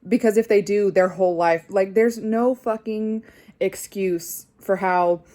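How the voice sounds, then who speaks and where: A woman's voice: mid-range voice, warm tone. A young woman vlogger delivering an angry personal rant, swearing constantly and getting more heated.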